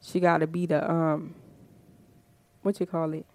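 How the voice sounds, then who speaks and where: A woman's voice: sits low, little pitch movement, measured pace, a little mellow, no room sound. A woman hosting a podcast, talking in a fired-up, emphatic casual monologue full of rhetorical questions. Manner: fired-up, emphatic, frequent "you know what I'm saying". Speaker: podcast host.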